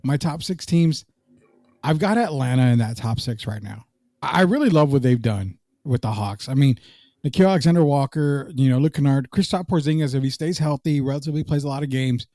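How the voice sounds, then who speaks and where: A man's voice: mid-range voice, expressive, brisk, mellow, no echo. Man, sports podcast co-host, joking, reads comments, dry recording. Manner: loose, joking, reads live comments aloud. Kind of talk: casual sports podcast chat.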